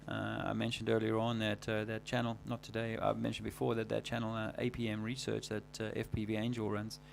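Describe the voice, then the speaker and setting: A man hosting a livestream, talking casually in a rambling, halting way full of fillers and restarts. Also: on the low side, monotone, gravelly, slight background noise. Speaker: livestream host.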